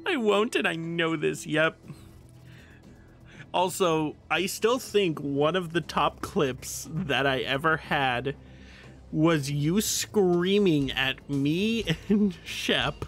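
A man's voice: fairly high pitch, slow, a bit bright, soft background music. A man streaming a game and chatting casually with his viewers, laughing often and swearing now and then. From United States.

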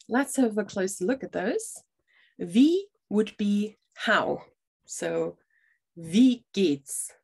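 A middle-aged woman gives a language lesson to camera. Her voice has a gravelly, creaky texture at an ordinary mid pitch. She explains patiently, step by step, and keeps checking that the listener is following. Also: darkish tone. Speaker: German language teacher.

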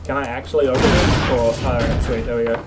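A man's voice: mid-range voice, fairly even intonation, fast talker, heavy background noise. A man streaming a horror game, swearing and jumpy while he talks to his companion through a desk mic. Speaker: gameplay streamer. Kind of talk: let's play commentary. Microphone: desk mic with face cam.

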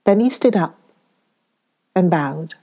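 Female first-person audiobook narrator, low-ish voice, unhurried measured delivery. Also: lively intonation, mellow, husky.

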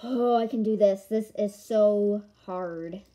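A woman giving casual commentary on a board game she is playing, excitable, with melodramatic outbursts and playful taunting of her opponent. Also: medium pitch, takes it slowly, lo-fi sound. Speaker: gamer filming a board game. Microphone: camera mic.

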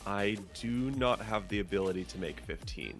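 A man playing a card game against a friend, relaxed and teasing with short reactions. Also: lowish voice, normal speed, faint music behind. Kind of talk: casual gameplay chat.

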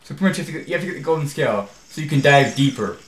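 A man's voice: fairly high pitch, animated, racing, a little hiss or hum. A man hosting a video game playthrough in casual commentary, rambling and easily exasperated. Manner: rambling and easily exasperated, says "freaking" often. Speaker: let's play host. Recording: echoey room with faint game music.

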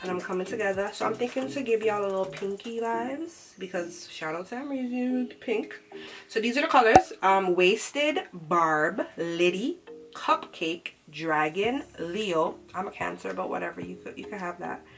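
A young woman talks through her makeup routine in a sassy, slangy, chatty way. Her voice sits at a middling pitch. Clear music plays behind her. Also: moderate pace. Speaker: beauty vlogger. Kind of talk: casual makeup tutorial chat.

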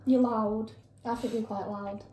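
A shy young woman answers questions with short, hesitant replies, sounding a little tired. Her voice is fairly high yet mellow and soft-edged, and the room adds a noticeable echo with faint music underneath. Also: fairly even intonation, unhurried. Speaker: younger sister guest. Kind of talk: casual chat.

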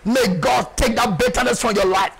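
A man preaching a fervent sermon and prayer as pastor, repeating declarations with rising passion and often shouting. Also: very high voice, moderate pace, gravelly, very noisy.

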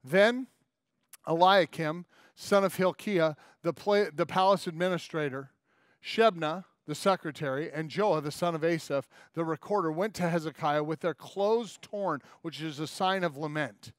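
A man's voice: fairly high pitch, normal speed, no echo, studio quality. A man in his forties preaching a sermon as pastor, telling stories and acting out quoted lines in little character voices.

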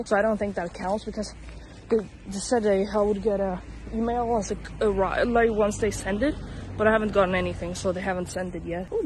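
A woman's voice: medium pitch, darkish tone, slight background noise. A woman vlogging in a casual, chatty way, laughing often and swearing now and then. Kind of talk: casual vlog chat. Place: partly outdoors at night.

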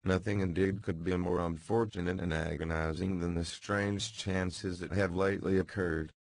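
Man reading a grave older magistrate for an audiobook: formal, measured, deep, dry. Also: steady tone, no echo. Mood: solicitous. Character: kindly older male magistrate, gentle but grave.

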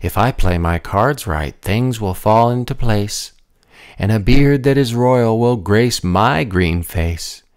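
A man's voice: lowish voice, slow pace, clear, resonant tone. A man voicing a sly scheming turtle advisor. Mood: gloating. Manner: gloating, conniving.

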